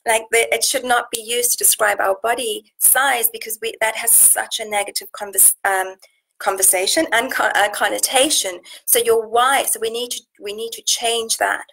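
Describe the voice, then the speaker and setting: A woman's voice: a little high, fairly even intonation, normal speed, creaky, pushed and bright, low-quality recording. A woman from South Africa, a nutrition coach hosting a casual live session, talking in a chatty, earnest way full of fillers and restarts. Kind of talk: casual live stream talk, reading out viewer comments.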